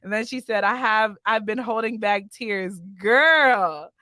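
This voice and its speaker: A woman's voice: mid-range voice, slow pace, pushed and bright, dry recording. A woman hosting a live-stream interview, effusive and emotional, reading viewer comments aloud. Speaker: podcast host.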